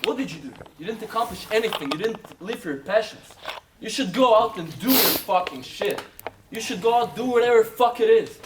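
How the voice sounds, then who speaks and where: A man practicing an impromptu speech, halting and struggling to find his words. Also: sits high, expressive, distant mic, very noisy. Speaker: workshop participant.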